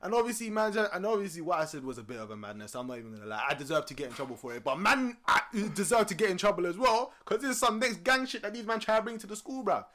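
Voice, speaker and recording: A young man with a London accent, casually telling a story on a podcast, animated and laughing often. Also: fast talker, hardly any pauses. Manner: animated, swings loud and high when excited, laughs often. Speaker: podcast co-host.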